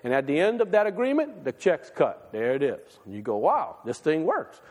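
A man preaching a folksy, conversational sermon with a slightly high voice. His delivery swings between raised, emphatic lines and hushed ones. The sound carries a long reverb from a church hall. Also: wildly swooping pitch, fairly quick. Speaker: pastor. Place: church sanctuary.

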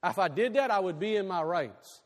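A man preaching a sermon with a fairly high voice that swings widely up and down. His delivery is animated, loud one moment and hushed the next. His voice carries a long reverb, as if heard in a big hall. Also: a little fast. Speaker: pastor.

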